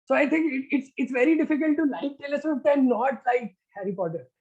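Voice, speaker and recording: A man's voice: extremely high pitch, fairly quick, darkish tone. A man hosting an online group activity, chatty and encouraging, often saying "all right". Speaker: activity host. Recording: dull lo-fi call audio.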